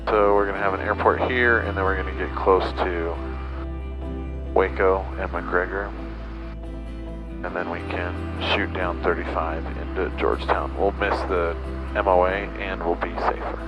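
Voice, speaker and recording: A man's voice: low voice, flat delivery, moderate pace, muffled recording. Man, pilot, easygoing, joking, headset in small plane cockpit, music behind. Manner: joking, easygoing, clipped on the radio. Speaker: pilot and host. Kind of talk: casual cockpit chat and radio calls. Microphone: aviation headset.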